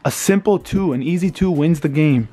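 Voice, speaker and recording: A man's voice: fairly high pitch, moderate pace, dark tone. A young man in his twenties reacting live to a basketball game at home, anxious and pleading, swearing and groaning as he talks into a handheld camera. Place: home, indoors.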